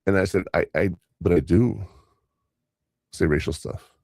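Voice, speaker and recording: Older guy rambling on a podcast, low gravelly voice, dry sound. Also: unhurried, darkish tone, no room sound. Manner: rambling storyteller, quoting others in voices. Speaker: podcast host. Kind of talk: casual podcast chat.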